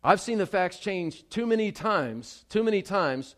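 A man preaching a sermon as pastor, emphatic and direct with the congregation, dropping to a hush and then rising loud, repeating key phrases for stress. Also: sits high, lively intonation, measured pace.

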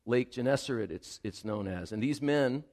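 A man's voice: mid-range voice, expressive, moderate pace, darkish tone. A male pastor preaching a sermon, speaking earnestly and rising to emphatic appeals to the congregation.

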